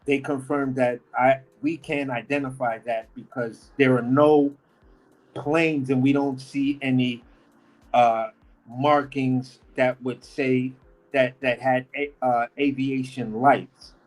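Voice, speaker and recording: A man's voice: medium pitch, flat delivery, takes it slowly, poor audio. A man, a podcast guest telling a rambling, slangy story in casual talk. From New York. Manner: slangy, rambling, talks with energy.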